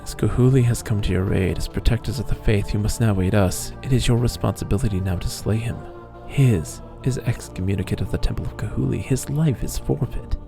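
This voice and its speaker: A man's voice: on the low side, a little fast, vocal fry, few pauses, over music. A man reading the lines of a stern temple lector who speaks in formal, solemn pronouncements. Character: stern male temple lector, grim and demanding.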